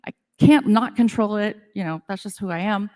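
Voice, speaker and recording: A woman's voice: medium pitch, fairly quick, a little mellow. A middle-aged woman telling casual, self-deprecating stories to a live audience at a business event, chatty and full of "like". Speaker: speaker at a women's business event. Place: conference room with audience. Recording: long reverb of a hall.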